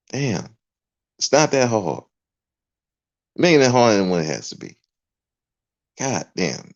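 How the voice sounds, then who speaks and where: A man's voice: low voice, darkish tone. A podcast host, a man, delivering an emphatic, profane livestream rant. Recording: dull lo-fi recording.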